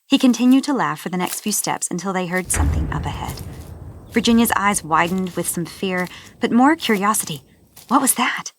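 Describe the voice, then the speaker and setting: A woman narrating a fantasy audiobook in soft, even scripted storytelling. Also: fairly low pitch, fairly quick, noisy background.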